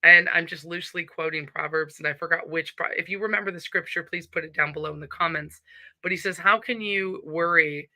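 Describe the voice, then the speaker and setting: Bright-voiced Southern woman live-streaming. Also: sits low, fairly even intonation, fast talker, no echo. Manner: chatty, upbeat, greets viewers and reads comments. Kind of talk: casual live-stream chat.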